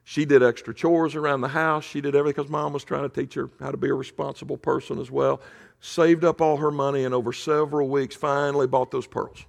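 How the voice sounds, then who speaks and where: A male pastor preaching in a conversational storytelling way, often dropping to a hush for emphasis. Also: mid-range voice, level tone, fairly quick, creaky. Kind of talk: sermon storytelling.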